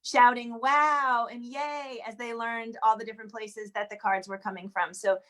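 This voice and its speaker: Woman host on a video call, upbeat and chatty, high voice with a fairly flat melody. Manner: upbeat, chatty, lists names quickly. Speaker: host of an online group sing. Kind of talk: warm welcome, greeting attendees by name.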